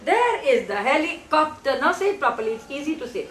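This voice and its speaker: Woman speech teacher: high, animated delivery, slow syllable drilling, distant mic in a reverberant room. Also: a little hiss or hum. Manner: firm, insistent, repeats syllables slowly. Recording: echoey room, mic far off.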